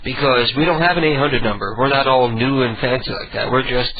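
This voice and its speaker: A man's voice: medium pitch, fairly quick, a crowd in the background. A man hosting an internet radio show, chatting casually in a rambling, self-deprecating way. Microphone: home phone and studio mic setup. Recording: dull lo-fi internet radio audio.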